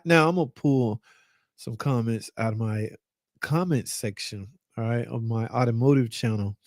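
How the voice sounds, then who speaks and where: A middle-aged man hosting a live car channel, reading comments out loud in loose, slangy, joking banter. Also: medium pitch, dry recording, clean studio sound.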